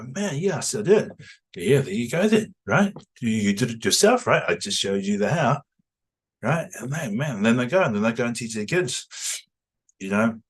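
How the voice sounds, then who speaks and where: A man who is a trained language teacher, promoting his pronunciation course in a lively way, often tagging his points with "right?". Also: mid-range voice. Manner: animated, rhetorical "right?" tags.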